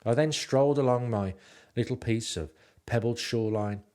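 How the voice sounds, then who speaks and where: A man's voice: mid-range voice, moderate pace, a little mellow. A man narrating his travel stories in a rambling, self-mocking way with lots of ums. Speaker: podcast host and narrator.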